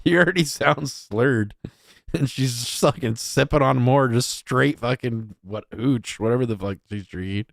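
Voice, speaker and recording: A man's voice: mid-range voice, unhurried, creaky, no echo, clean studio sound. A man streaming a crude, profane reaction commentary, scornful and rambling.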